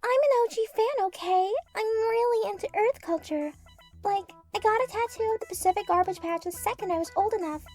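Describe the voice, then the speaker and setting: Brief: very high-pitched, cutesy, chaotic anime space-probe girl; comedy audio drama, faint music under. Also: a little fast, a little mellow. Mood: indignant fan. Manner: babyish cutesy talk flipping to blunt swearing.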